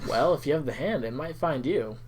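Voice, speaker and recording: A man running a tabletop game as game master, rambling and halting as he explains, laughing often. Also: medium pitch, lively intonation, over a noisy crowd.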